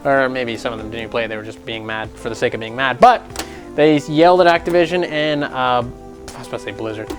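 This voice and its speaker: A young man hosting a casual gaming news show, animated and jokey, often slipping into mocking voices. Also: mid-range voice, fast talker, faint music behind.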